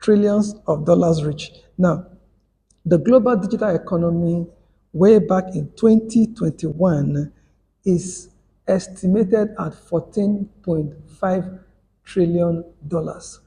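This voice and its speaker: A man's voice: sits high, slow pace, vocal fry, warm tone. A man giving a motivational workshop lecture, repeating key figures for emphasis. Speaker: workshop speaker. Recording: long hall reverb.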